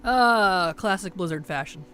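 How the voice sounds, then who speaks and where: A man's voice: high-pitched, lively intonation, a little slow, bright, forceful tone, faint music behind. A man streaming a video game, chatting casually in an offhand, mumbly way and letting his sentences trail off. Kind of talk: casual gaming chat.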